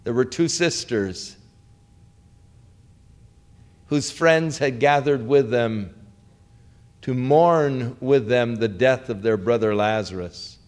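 A man preaching a sermon, slow and dramatic, with rising questions and hushed quotes. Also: mid-range voice. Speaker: pastor.

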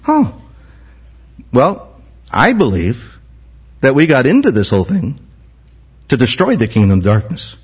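A man's voice: medium pitch, huge pitch swings, a little slow, long pauses, slightly rough. A man, a senior pastor, preaching a sermon with an impassioned, repetitive cadence. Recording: muffled lo-fi recording.

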